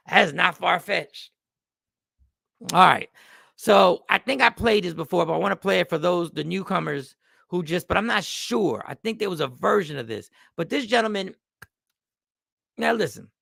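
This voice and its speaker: Man, talk show host, emphatic, gravelly voice, dry close sound. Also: on the high side, a bit bright, no echo. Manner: emphatic, conversational, speaks straight to viewers. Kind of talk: casual commentary.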